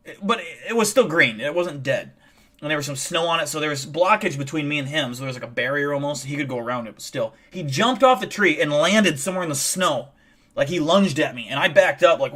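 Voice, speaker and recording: Streamer guy, kinda high voice, rambling swear-heavy story, lots of restarts. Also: fairly bright tone. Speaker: livestream host. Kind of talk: casual chat and tall tale.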